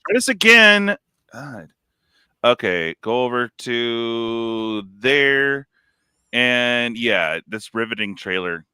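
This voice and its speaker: A man chats on his live stream in a rambling, animated way. His voice is bright and clear, with a dry, close sound. His pitch swings widely as he talks. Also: slow pace, no echo. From California. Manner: rambling, animated, lots of "like" and "dude". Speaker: stream host. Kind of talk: casual live-stream chat.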